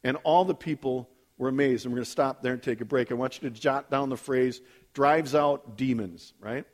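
A man leading a Bible study, reading scripture aloud and breaking in with casual asides, often ending with "right?" and acting out quoted lines in sudden higher voices. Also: fairly even intonation, fairly quick, a little mellow.

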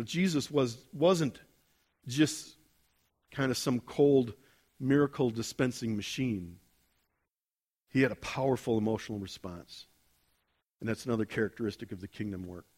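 A man's voice: mid-range voice, a little mellow. A man preaching a sermon as pastor, talking casually, asking the congregation questions and building to intense emphasis.

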